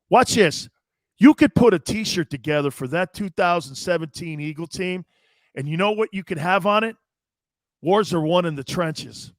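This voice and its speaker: A man's voice: high-pitched, no room sound, studio quality. A middle-aged man hosting a sports talk show, hollering his opinions, swearing freely and hammering the same catchphrases. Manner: loud, hollering and profane; emphatic, repeats catchphrases.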